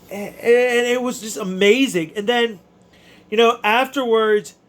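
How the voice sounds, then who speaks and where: Dude with a high voice telling his boxing fight story, all fired up and emotional, trips over his words. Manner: excitable, emotional, stumbling restarts. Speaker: amateur boxer recounting his fight. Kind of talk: casual storytelling to camera.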